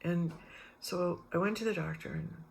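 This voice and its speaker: A middle-aged woman with a gravelly, fry-tinged voice sits low in her register as she rambles through spiritual musings. She drifts from one personal story to the next, acting out what others said along the way. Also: normal speed, slight background noise. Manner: meandering, animated re-enactments with quoted voices. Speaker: spiritual vlogger.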